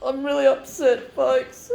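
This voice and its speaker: A woman's voice: high-pitched, background noise. A woman artist rambling to camera, upset and shaky on the verge of tears, self-critical and repeating herself. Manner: self-critical, repetitive, keeps saying folks.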